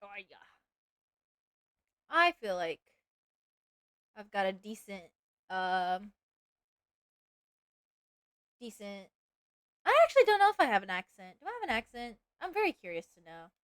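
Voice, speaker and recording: A woman's voice: medium pitch, sing-song, unhurried, long pauses, fairly bright tone, clear, resonant tone, dry recording. A woman from East Texas with a Southern accent, chatting casually and rambling with her viewers while she draws on a live stream. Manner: rambling, chatty, asks chat questions, laughs easily.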